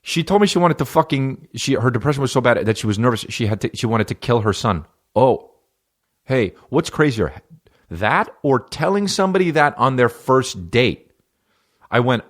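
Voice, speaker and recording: His voice is fairly low and sing-song, and he talks a little quickly. Alone on his comedy podcast, he works through listener questions, swearing, being sarcastic and mimicking people in mocking tones.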